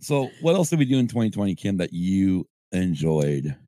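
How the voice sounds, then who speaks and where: A man's voice: deep voice, big pitch swings, normal speed, mellow, no echo, clean studio sound. A middle-aged man co-hosting a casual livestream podcast from home, joking, swearing and rambling. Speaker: podcast co-host. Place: home at night with fireworks outside.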